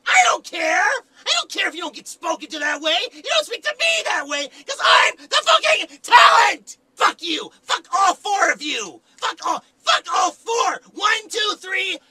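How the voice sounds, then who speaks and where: A man's voice: extremely high pitch, sing-song, a little slow, few pauses, exaggerated voice. A man playing an irate, foul-mouthed voice actor throwing a tantrum at a recording session. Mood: enraged. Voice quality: shouting, cursing tantrum. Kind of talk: comedy sketch.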